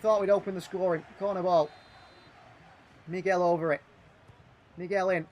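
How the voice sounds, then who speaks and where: High-voiced man calling a football game. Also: fairly quick, pauses often. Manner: animated, frustrated, thinking aloud between match calls. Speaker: gaming livestream host. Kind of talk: live play-by-play commentary on a football management game.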